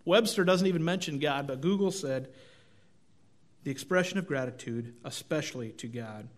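Middle-aged pastor guy, chatty folksy sermon, voice a bit on the high side. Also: normal speed. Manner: conversational, self-deprecating, folksy storytelling.

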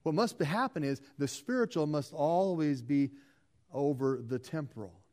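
A middle-aged man delivers a sermon from the pulpit. His voice sits a little high for a man. He stacks up repeated phrases and leans into them for emphasis. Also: normal speed, warm tone. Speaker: pastor.

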